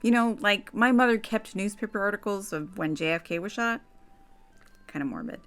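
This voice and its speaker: A woman's voice: medium pitch, normal speed, a bit bright, soft background music. Chatty woman hosting a horror commentary. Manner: chatty and dramatic, with asides. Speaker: YouTube host. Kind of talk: casual scripted commentary to camera.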